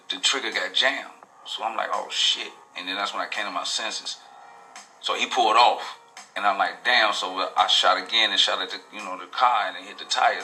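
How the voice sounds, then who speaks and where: A man recounts his past in a loose, emphatic, profanity-laced testimony. His voice sits a little low but carries a hard, piercing edge. Soft music plays faintly under him. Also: rough recording. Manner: profane, street slang, rambling and emphatic. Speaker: storyteller recounting his own life. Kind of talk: casual personal testimony.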